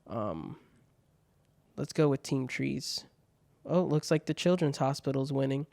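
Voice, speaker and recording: Slow, gravelly-voiced man chatting. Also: medium pitch, expressive, a little mellow, no echo. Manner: laid-back, swears freely, laughs at bad jokes. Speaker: podcast host reading viewer questions. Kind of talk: casual solo chat.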